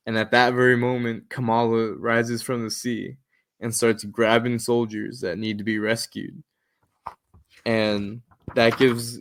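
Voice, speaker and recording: A man on a podcast, casually retelling a comic book's plot scene by scene and quoting characters' lines along the way. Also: medium pitch. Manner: animated retelling with quoted lines. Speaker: podcast co-host.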